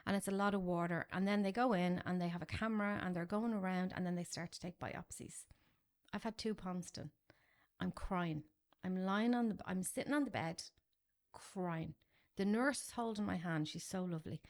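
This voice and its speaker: A woman in her forties, speaking as a podcast guest. Her voice sits on the low side with a gravelly fry running through it. She tells her story candidly and animatedly, with wry, self-deprecating asides. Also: moderate pace. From Ireland. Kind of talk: personal story in a podcast interview.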